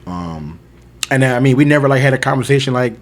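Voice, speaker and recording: A man's voice: medium pitch, lively intonation, a little fast. A young man telling a long personal story in casual podcast chat, loose and chatty with lots of fillers. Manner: loose storyteller, lots of "like" and "you know", laughs often. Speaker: podcast co-host.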